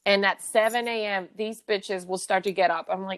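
A woman's voice: medium pitch, fairly even intonation, moderate pace, a bit bright. A woman co-hosting a podcast in casual chat, blunt, swearing freely and laughing often. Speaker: podcast co-host.

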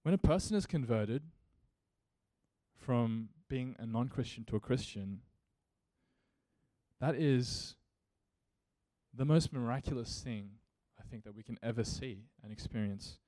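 A man preaching with a mellow, warm tone in a dry, close sound. He speaks earnestly and builds his points into emphatic rhetorical questions, like a pastor in the pulpit. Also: mid-range voice, unhurried, long pauses, no echo. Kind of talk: sermon.

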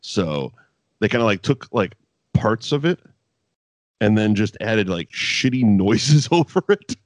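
A man's voice: lowish voice, big pitch swings, measured pace, no room sound, studio quality. A man co-hosting a casual chat podcast reviewing wrestling, swearing freely and breaking into mock voices.

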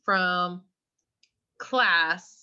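A woman's voice: fairly low pitch, very slow, sharp tone, clear, resonant tone. Young woman storyteller, dull lo-fi sound. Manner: chatty storyteller, acts out quotes with squeals. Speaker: podcast co-host. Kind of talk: casual podcast chat.

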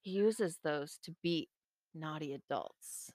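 A woman's voice: sits low, a little mellow, no room sound. A woman co-hosting a podcast, telling a folk tale in a casual, teasing and giggly way. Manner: giggly, teasing, slow-spoken. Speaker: podcast co-host. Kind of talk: casual storytelling chat.

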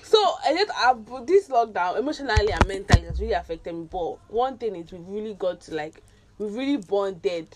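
A woman's voice: mid-range voice, a little fast. A young woman talks in a loose, laughing way, co-hosting a chat with her sisters. She slips into pidgin now and then. Other voices chatter around her. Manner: laughing, animated, mixes pidgin. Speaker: podcast co-host. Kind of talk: casual chat among sisters.

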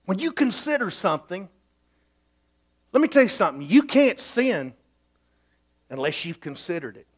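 A man's voice: sits high, very animated, moderate pace, long pauses. Preacher guy, middle-aged, folksy stories, voice jumps way up and down. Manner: storytelling, emphatic, folksy. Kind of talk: sermon.

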